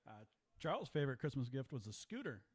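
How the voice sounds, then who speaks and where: A man's voice: medium pitch, very animated, fast, slightly rough. A man giving live play-by-play commentary at a ninja competition, chatty and joking with his co-host.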